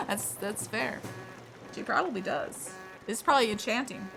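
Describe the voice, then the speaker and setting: A woman streaming a video game live, chatting casually, getting easily distracted and slipping into high baby talk with her cat. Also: normal speed, vocal fry. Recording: with game music behind.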